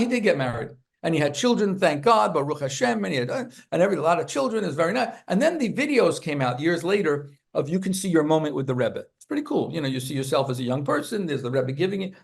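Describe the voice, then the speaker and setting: Gravelly, animated storytelling rabbi. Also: male voice, fairly high pitch, fast talker. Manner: animated, acts out characters in his stories. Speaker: rabbi and author, interview guest. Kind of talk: anecdotal storytelling in an interview.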